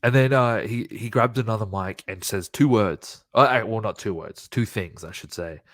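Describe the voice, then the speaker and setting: Low-voiced man recapping wrestling. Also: moderate pace, no echo. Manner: excited retelling, profane. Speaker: podcast co-host. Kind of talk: casual chat.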